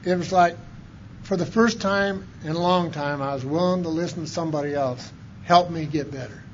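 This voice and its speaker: A man telling his own recovery story from drinking in a folksy, colloquial way, swinging from loud bursts to hushed tones. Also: fairly high pitch, moderate pace, lo-fi sound, slight background noise. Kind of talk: personal recovery testimony.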